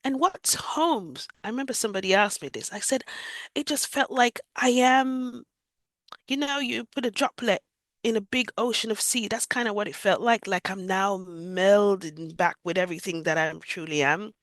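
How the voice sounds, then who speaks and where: A woman's voice: mid-range voice, normal speed, fairly bright tone, dry recording. A woman from Jamaica, giving a vivid, emotional retelling of her own story as an interview guest. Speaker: guest sharing a near-death experience.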